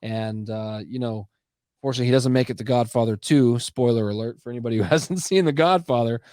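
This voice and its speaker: A man hosting a podcast, asking loose, halting questions with many fillers in a casual interview. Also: medium pitch, a little mellow, dry recording, studio quality. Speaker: podcast host.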